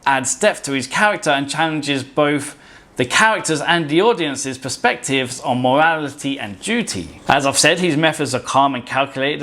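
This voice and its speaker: A man's voice: a little high, a bit bright. A man giving casual, opinionated film commentary as a video essay host, rambling and often restarting words mid-sentence. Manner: opinionated and emphatic.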